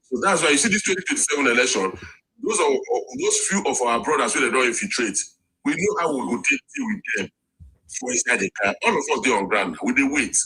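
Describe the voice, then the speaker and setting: Animated Nigerian man, mocking tone. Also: medium pitch, fast talker, creaky, breathy edge, low-quality recording. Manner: emphatic, mocking, switches to Pidgin. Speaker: discussant. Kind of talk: heated street debate in Pidgin.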